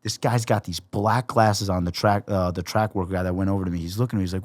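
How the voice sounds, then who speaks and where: Talking fast in a lowish voice, a young male podcast guest spins a crude, lively anecdote and performs each quote. The audio is dry.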